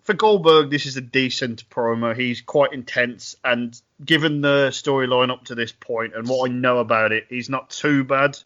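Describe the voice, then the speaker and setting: A man co-hosting a podcast, recapping events in a wry, animated way. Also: mid-range voice, normal speed, few pauses, dull audio. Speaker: podcast co-host. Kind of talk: casual podcast chat.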